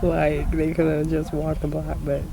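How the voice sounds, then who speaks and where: A woman telling a rambling, animated story on her porch, laughing and cursing as she goes. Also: sits low, normal speed, vocal fry, noisy background. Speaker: vlogger. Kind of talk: rambling casual monologue.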